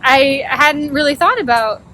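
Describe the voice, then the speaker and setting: A woman chatting casually as a travel vlogger, emotional and quick to laugh. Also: high-pitched, background noise. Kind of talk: casual vlog chat.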